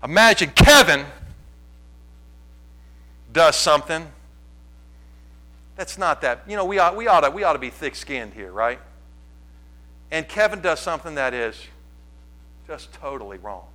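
A male pastor delivering a sermon to his church, his voice sitting a bit high with a bright, forceful edge. He preaches in an animated way, moving from loud, pressing lines to soft, quiet asides. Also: a little slow, pauses often.

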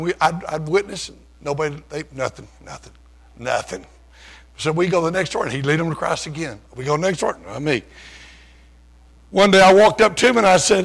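A man's voice: fairly high pitch, a little fast. An older man preaching, telling his own story in a folksy, self-deprecating, conversational way. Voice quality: gravelly, husky. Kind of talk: sermon testimony storytelling.

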